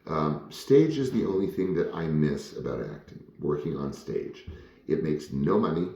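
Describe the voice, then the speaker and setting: Man, very low dark voice, casual rambling storyteller, frank and full of fillers. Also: sing-song, normal speed, gravelly, reverberant. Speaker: former child actor telling stories.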